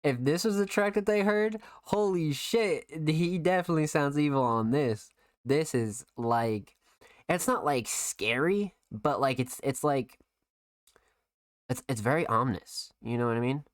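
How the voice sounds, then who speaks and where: A man's voice: a little high, measured pace, dry recording, studio quality. A young man hosting a podcast, giving a casual, profane music review full of fillers. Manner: profane, filler-heavy, enthusiastic.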